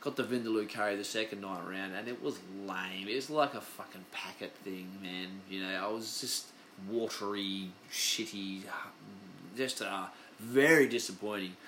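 A man's voice: lowish voice, steady tone, normal speed, bright, forceful tone, a little hiss or hum. Rambling, swearing Australian man. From Western Australia. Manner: loose, profane, chatty storytelling. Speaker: podcast host. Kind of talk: casual rambling monologue.

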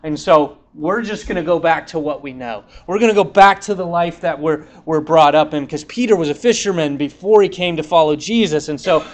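Casual preacher man, slightly high voice. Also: a little fast, hardly any pauses. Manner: retells scripture in a casual, conversational way, acting out quotes. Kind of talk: sermon.

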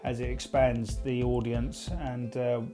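A man's voice: medium pitch, a little slow. Bloke doing his podcast outro, earnest and laid back, music playing under him. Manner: earnest, relaxed, filler-heavy. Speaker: podcast host.

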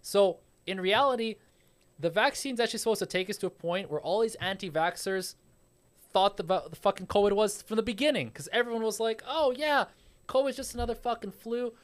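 A man's voice: sits high, a little fast, a little hiss or hum. Profane man explaining casually. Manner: profane, explanatory, stammering restarts. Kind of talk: casual podcast chat.

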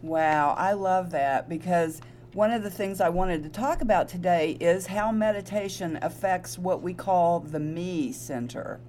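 A woman co-host with a somewhat low voice talks in a relaxed, explanatory way. She backs up her partner with warm affirmations. A faint hum runs underneath. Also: measured pace, few pauses. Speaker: co-host, registered nurse. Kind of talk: casual podcast chat.

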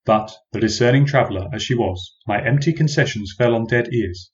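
A man at a middling pitch reads a first-person tale in measured, wry and formal old-fashioned phrasing. The recording sounds dull and lo-fi. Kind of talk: first-person storybook narration.

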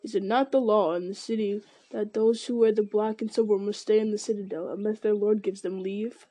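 Woman reader as a stern old wizard, solemn and clipped, mellow tone. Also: medium pitch, fairly even intonation, fairly quick, no room sound, lightly acted. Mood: grave. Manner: terse, solemn. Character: grave old male wizard, stern and urgent. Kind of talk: audiobook character voice.

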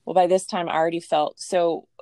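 A woman in her thirties telling a personal story in a casual, animated way, laughing often and acting out what people said. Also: lowish voice, a little fast, dry recording, clean studio sound. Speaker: storyteller guest.

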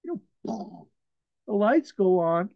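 A man preaching an earnest, emphatic sermon to an online church, chuckling softly now and then. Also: high-pitched, very animated, slow, vocal fry, dry recording, highs cut off. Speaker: pastor. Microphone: video call.

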